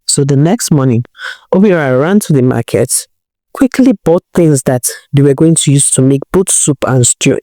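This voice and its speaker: A woman storyteller narrates a folk tale, chatty and animated, with a pitch that rises and falls freely. Her voice is mellow and warm. The sound is dry and close to the mic. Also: no echo. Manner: conversational, expressive, animated.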